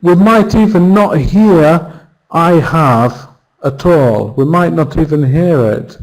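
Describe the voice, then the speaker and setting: Slow-talking male teacher. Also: on the high side, a little mellow, poor audio. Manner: patient, drawn-out spoken examples. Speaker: English pronunciation teacher. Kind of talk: online class lesson.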